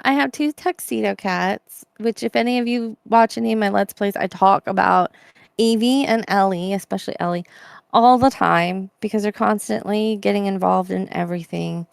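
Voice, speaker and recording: A young woman co-hosting a podcast, chatting casually and telling a story with lively put-on voices and giggles. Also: medium pitch, vocal fry, clean tone, dry recording. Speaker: podcast co-host. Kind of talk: casual chat.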